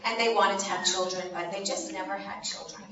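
A woman in her fifties tells a Bible story to a group of children and keeps pausing to ask them questions. She is recorded from a distance in a very echoey room. The sound is dull, and there is noise behind her. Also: medium pitch. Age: 50s. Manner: animated, asks the children questions.

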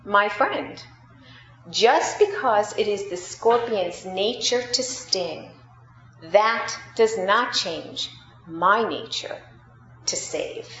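A serene old man, voiced by a woman preacher, speaks slowly and softly, close to her own voice. The sound is roomy and slightly dull, with a faint hum behind it. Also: medium pitch. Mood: calm. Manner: calm and quiet. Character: calm, gentle old man, a meditator.

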